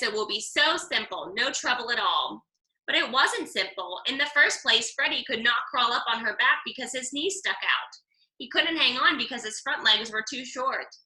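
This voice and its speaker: A woman reading a picture book aloud with lively, expressive storytelling. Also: on the high side, reverberant, low-quality recording. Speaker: storybook reader.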